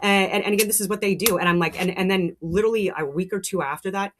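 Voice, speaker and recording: A woman's voice: mid-range voice, fast, slight background noise. A middle-aged woman hosting a show, talking in a heated, rambling monologue with frequent restarts and swearing. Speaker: show host. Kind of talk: casual monologue.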